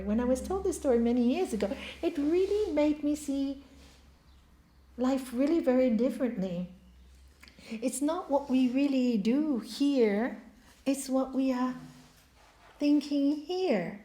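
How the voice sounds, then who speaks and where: A woman giving an inspirational spiritual talk in a hall, telling stories and asking the audience questions. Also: high-pitched. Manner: warm storytelling, asks the audience questions. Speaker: spiritual speaker. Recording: echoey hall.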